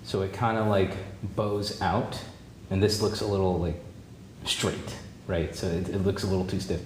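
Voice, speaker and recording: Deep-voiced guy talking through a drawing lesson, laid back, kinda echoey room. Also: moderate pace. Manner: relaxed, thinking aloud while drawing; encouraging, repeats key phrases. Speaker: art teacher. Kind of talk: drawing demonstration. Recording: roomy with faint background noise.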